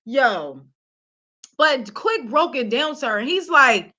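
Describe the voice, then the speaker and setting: A woman's voice: sits high, sing-song, slow, pushed and bright. A woman from Philadelphia hosting casual celebrity gossip commentary, blunt and chatty, talking straight to her viewers.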